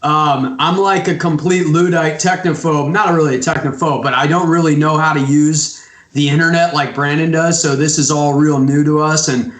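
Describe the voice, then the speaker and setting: A man co-hosts a casual podcast interview over an online call. He sounds excitable and self-deprecating and often stumbles into restarts. His voice sits fairly high and carries a roomy echo. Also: normal speed. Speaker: podcast co-host.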